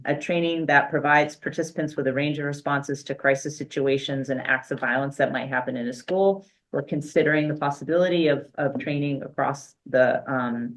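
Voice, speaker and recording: A school superintendent gives an unscripted update to a board meeting, speaking at an ordinary, middling pitch. The delivery is loose and conversational, full of restarts and filler, with a dry, self-aware humor now and then. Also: fairly bright tone.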